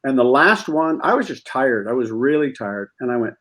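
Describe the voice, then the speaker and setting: A man telling an animated anecdote as a guest on a comedy talk show, acting out the scenes as he goes. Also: mid-range voice, normal speed.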